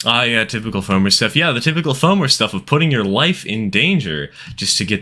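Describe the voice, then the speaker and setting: A man's voice: medium pitch, very animated, brisk, hardly any pauses, sharp tone. A man chatting casually as he streams a train game, rambling through asides and laughing often. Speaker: gaming streamer. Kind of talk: casual gameplay commentary.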